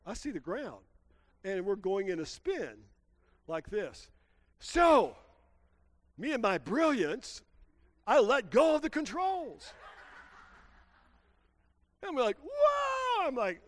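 A middle-aged male pastor telling a lively personal story in a sermon, exclaiming and calling out to the congregation. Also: high-pitched, dry recording. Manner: animated storyteller, exclaims and laughs, calls out to congregation.

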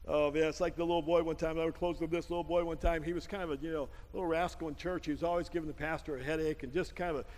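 A male pastor preaching a sermon, telling stories with a laugh and building to a loud prayer. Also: on the high side, steady tone, quick pace, in a large hall. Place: church sanctuary.

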